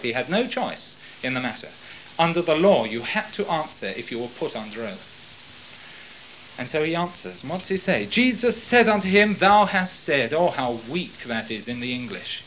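Animated man teaching through a Bible passage. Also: fairly high pitch, normal speed, a little hiss or hum, poor audio. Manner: animated, dramatizes the scene and quotes voices. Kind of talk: verse-by-verse Bible exposition.

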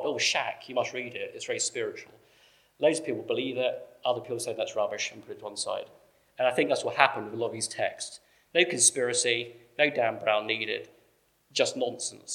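A man teaches a congregation in a relaxed, conversational way. His voice sits in an ordinary middle pitch, and he explains step by step, pausing with ums and uhs as he goes. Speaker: preacher. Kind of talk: church teaching talk.

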